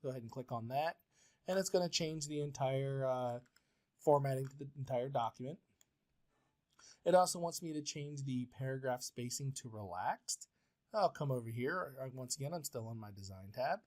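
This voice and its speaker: Man giving a patient software walkthrough. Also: medium pitch, normal speed. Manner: step-by-step, plain and patient, with frequent uh fillers. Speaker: professor.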